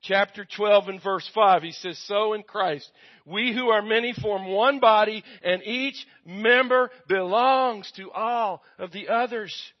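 Male pastor, American accent, sermon, call-and-response, slightly high voice, dull lo-fi sound. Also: a little slow. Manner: call-and-response with congregation, swings loud and soft. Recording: dull lo-fi recording.

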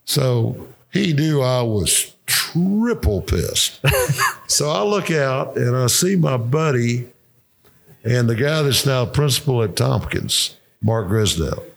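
An older man with a drawl tells rambling coaching stories, salted with swearing and his own laughter. His voice is gravelly and sits at an ordinary pitch. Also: sing-song, slow. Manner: profane, laughing anecdotes. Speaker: retired football coach, guest. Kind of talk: casual storytelling.

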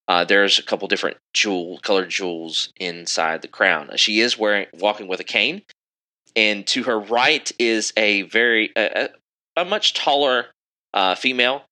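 A man's voice: lowish voice, a little slow, pushed and bright, rough recording. A man narrating a tabletop game as game master, describing scenes with many fillers.

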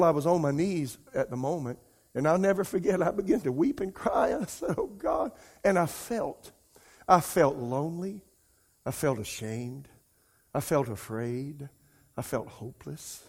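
A man preaching a sermon, telling a personal story and using lots of repeated words. He rises to pleading, near-tearful cries, then drops to soft, quiet asides. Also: a little high. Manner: emotional storytelling, rising to near-crying pleas; conversational, repeats words, addresses congregation as y'all. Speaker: pastor.

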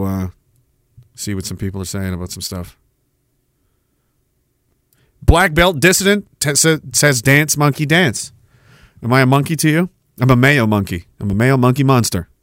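A man's voice: medium pitch, lively intonation, moderate pace, long pauses, no echo, clean studio sound. A man hosting a solo podcast rant, sarcastic and profane, reading out viewer comments and mocking them. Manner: sarcastic, heavy swearing, mocking asides. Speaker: podcast host.

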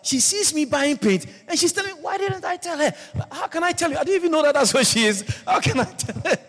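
A male pastor preaching a sermon and telling personal stories, swinging from loud exclamations to low murmurs. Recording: long hall reverb.

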